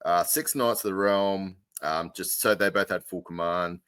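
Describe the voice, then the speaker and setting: A man with a very low voice talks in a loose, rambling way, full of "um"s and restarts. The sound is close and dry, with no room around it. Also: normal speed, fairly bright tone, clean tone, no room sound. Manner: rambling, lots of fillers and restarts. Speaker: podcast co-host. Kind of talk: casual chat.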